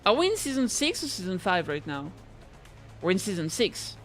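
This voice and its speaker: A woman streaming a game, chatting in an excitable, rambling way, swearing and reading game lines aloud. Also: medium pitch, normal speed, soft background music. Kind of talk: casual gameplay chat.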